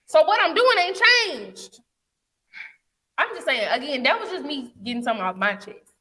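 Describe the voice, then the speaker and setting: A woman's voice: high voice, normal speed, long reverb tail. A young woman, co-hosting a podcast in casual chat, blunt and profane as she rants. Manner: blunt, profane, animated ranting. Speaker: podcast co-host.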